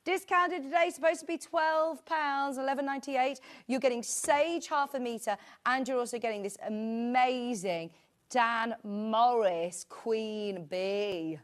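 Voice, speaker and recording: Presenter, British woman, slightly high voice, chatty live sales patter with rambling asides. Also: normal speed, few pauses. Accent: British English. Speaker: shopping channel presenter.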